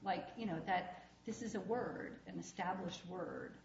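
Woman judge, blunt questioning, wry, slightly gravelly, roomy echo, dull audio with faint noise. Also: fairly low pitch, lively intonation, unhurried. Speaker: appellate judge. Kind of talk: questioning from the bench.

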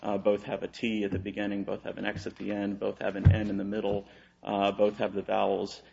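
A man's voice: lowish voice, monotone, a little fast, vocal fry, mellow, dull audio, faint music behind. A man from Texas, an attorney making an oral argument on appeal, hesitant with many fillers and restarts.

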